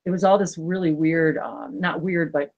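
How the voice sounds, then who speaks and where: A woman hosting a spiritual livestream, talking casually in an earnest, emotional way, rambling with many halting restarts. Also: low-pitched, fairly even intonation, highs cut off.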